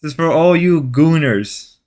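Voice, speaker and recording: A man's voice: a little high, animated, measured pace, darkish tone. A young man co-hosting a stream in casual chat, rambling and joking with hesitant restarts. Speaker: stream co-host.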